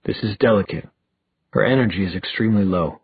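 A man with a husky voice voicing a focused male warlock who speaks in a clipped, tense way. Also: fairly low pitch, fairly quick, no room sound. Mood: curt. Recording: tinny phone-like dry recording.

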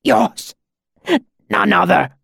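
A man's voice: medium pitch, drawn-out words, a little mellow, smooth, no echo, studio quality. A man voicing an arrogant male servant reduced to gasping, strained pleas in an audiobook. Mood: pained, pleading. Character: arrogant male servant, broken and begging in pain.

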